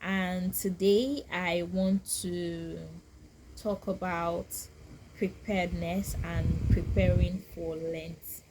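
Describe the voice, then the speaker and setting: A woman speaks slowly and softly in a lowish voice, pausing often and circling back on her words as she reflects aloud for her viewers. Faint ambient noise sits under her casual vlog talk. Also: little pitch movement. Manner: slow, soft-spoken, thoughtful, with many pauses and restarts. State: getting teary and emotional. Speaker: vlogger.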